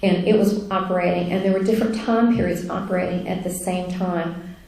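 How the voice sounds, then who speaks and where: Chatty woman recounting an experience; gravelly mellow tone, heavy room echo. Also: on the low side, brisk. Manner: chatty and animated, many fillers, laughs while telling. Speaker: speaker sharing a near-death experience. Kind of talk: casual spoken testimony. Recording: very echoey room.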